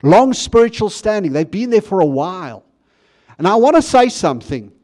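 A man's voice: high-pitched, very animated, normal speed, darkish tone. A man preaching a sermon in a conversational way, with frequent restarts and questions to the congregation. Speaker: pastor.

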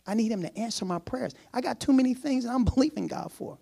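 A man preaching a sermon in a casual, conversational way, repeating phrases and chuckling softly. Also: very high voice, lively intonation, fast talker, creaky, breathy edge.

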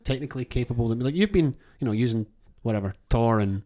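A man's voice: mid-range voice, lively intonation, fast, mellow. A man co-hosting a podcast in casual chat, rambling with restarts and laughing often. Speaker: podcast co-host.

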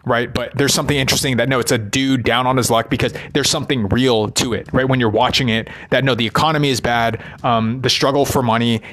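A man rambles casually about movies, swearing freely and capping his thoughts with a questioning "right?". His mid-range, slightly bright voice runs fast with few pauses and fairly even intonation.

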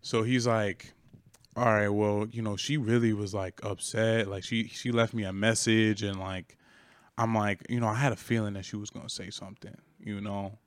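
A man's voice: fairly low pitch, level tone, moderate pace, no echo. A young man casually telling a long work story on a podcast, laid-back and slangy with plenty of swearing. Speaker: podcast co-host.

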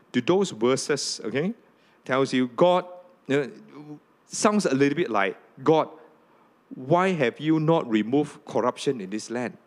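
A man preaching a sermon to a congregation, often asking "okay?" and "right?", and rising high when he reads scripture aloud. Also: darkish tone. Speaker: pastor.

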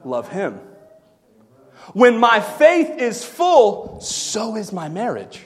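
Lively, high-voiced man preaching a sermon. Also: slow. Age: adult, married. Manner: swings from quiet asides to shouted excitement; playful, laughs at his own jokes. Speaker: pastor. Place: church sanctuary. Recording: long reverb in a church hall.

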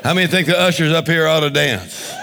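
A man preaching a charismatic sermon, shouting, laughing and leading the congregation in call-and-response. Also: fairly high pitch, fast, creaky. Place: church service. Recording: crowd and background noise.

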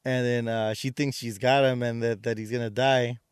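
Male podcast co-host, rambling casual recap, smooth resonant tone, dry close sound. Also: mid-range voice, level tone, moderate pace, no echo. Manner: rambling retelling with many fillers and restarts. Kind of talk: casual movie recap chat.

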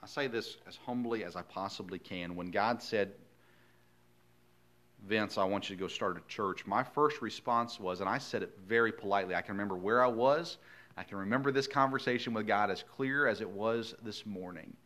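A male pastor preaches a sermon in a folksy, earnest storytelling style, swinging from hushed lines to loud emphasis. His pitch is fairly low and he talks at normal speed.

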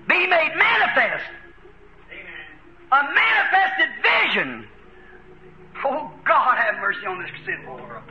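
An American man preaching a fervent sermon, chuckling between lines and rising to shouts. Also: very high-pitched, dull audio, a little hiss or hum. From United States.

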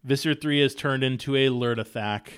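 A man's voice: mid-range voice, normal speed, clean tone. A man co-hosting a casual book podcast, agreeing dryly and reading passages aloud. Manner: agreeable, dry, reads passages in first person. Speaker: podcast co-host.

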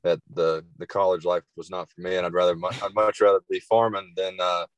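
A young man, a cattle farmer guest, answering interview questions in a halting way with many restarts. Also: low-pitched, little pitch movement, clear, resonant tone, no echo, lo-fi sound.

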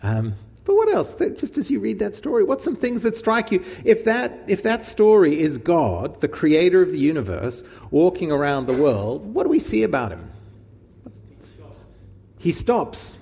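A man's voice: sits high, normal speed, creaky, slightly rough, big-room sound. A man teaching from the Bible in an informal, conversational sermon, asking his listeners questions as he goes. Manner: animated, informal, asks the audience questions. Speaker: preacher teaching from the Gospel.

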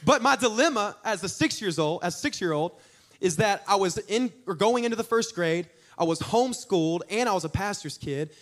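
High-voiced young preacher. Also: male voice, normal speed. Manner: animated, jokey storytelling with audience asides. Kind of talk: storytelling sermon.

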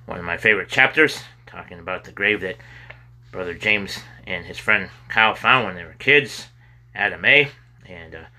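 A man reading a children's chapter book aloud with expressive delivery. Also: deep voice. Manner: expressive reading with sudden loud cries for characters. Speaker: storybook reader. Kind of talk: children's story read aloud.

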